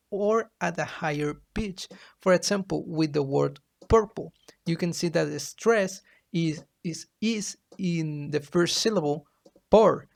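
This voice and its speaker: A man giving a class presentation as a student, reading from his slides in a halting way. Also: fairly high pitch, gravelly.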